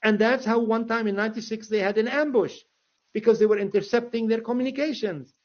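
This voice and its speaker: A man's voice: high voice, fairly even intonation, brisk, dull audio. A man speaking as an interview guest and political commentator, sarcastic and mocking, often breaking into laughter. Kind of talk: conversational interview.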